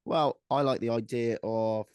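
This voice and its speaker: A man co-hosting a casual podcast, joking around in an offhand, easygoing way. His voice sits at a medium pitch. The recording is dry with no room echo. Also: steady tone, measured pace, darkish tone, clear, resonant tone. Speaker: podcast co-host.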